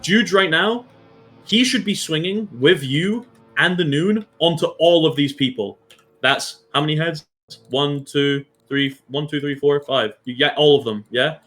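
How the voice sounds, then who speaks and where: A man's voice: a little high, a little slow, a bit bright, faint music behind. Blunt man coaching a team. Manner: direct, blunt, swears, keeps checking in with "yeah?" and "okay?". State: has the hiccups. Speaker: esports coach. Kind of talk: team VOD review.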